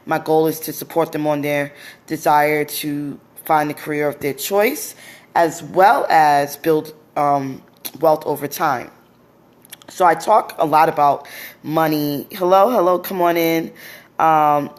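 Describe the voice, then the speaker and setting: A woman in her thirties talks on a live stream from her phone, with a low voice. She sounds sleepy and a bit yawny, and her talk is casual, chatty and open as she welcomes viewers and shares her own money story. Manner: chatty, greets incoming viewers, open and personal. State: sleepy, yawning. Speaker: founder and money coach for moms, live-stream host.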